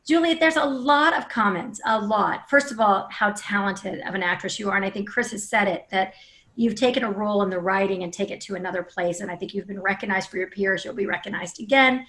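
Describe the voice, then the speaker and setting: A woman's voice: mid-range voice, a little fast, fairly bright tone. A woman hosting an interview, effusive and full of compliments for her guests. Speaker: interview host.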